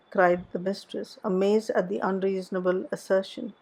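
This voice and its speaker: A woman narrating a classic novel in a plain, steady reading voice. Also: mid-range voice, normal speed, creaky, few pauses. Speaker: audiobook narrator.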